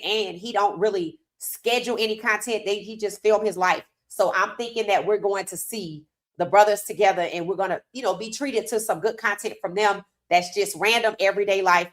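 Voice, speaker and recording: A woman hosting a live sports talk stream, reading viewer comments aloud and reacting with animated opinions, her voice worn from hours of streaming. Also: medium pitch. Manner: animated, talks straight to chat, reads comments aloud. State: losing her voice.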